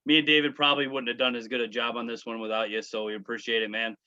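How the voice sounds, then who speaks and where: A man's voice: medium pitch, level tone, very fast, bright, forceful tone, no echo. Easygoing man on a lo-fi mic. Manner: easygoing, wraps up the show. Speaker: podcast co-host. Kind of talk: casual podcast chat. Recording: dull, dry lo-fi mic.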